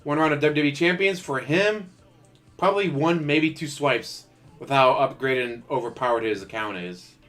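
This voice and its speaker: A man rambles through casual stream commentary, sarcastic and quick to laugh at his own jokes. His voice has a bright, forward edge, caught close on a desktop microphone, with faint music running underneath. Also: mid-range voice. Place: home setup. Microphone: desktop USB microphone.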